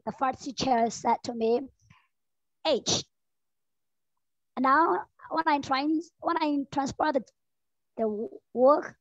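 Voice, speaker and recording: Hesitant, slow, high-voiced woman. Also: no echo. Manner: hesitant, searching for words. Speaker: webinar participant. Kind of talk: asking a question in a live class. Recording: dull, dry lo-fi audio.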